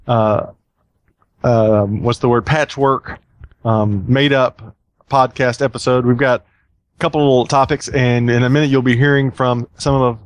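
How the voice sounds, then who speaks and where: A man's voice: medium pitch, dry recording. A man hosting a casual podcast, rambling and chatty with plenty of fillers. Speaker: podcast host.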